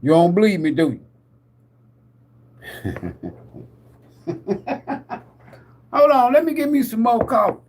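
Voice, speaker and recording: Animated, high-voiced man preaching on a live stream. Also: slow pace, pauses often. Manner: laughs often, asks the audience questions; swings between loud bursts and mutters. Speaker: live-stream tarot host. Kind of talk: profane preacher-style rant.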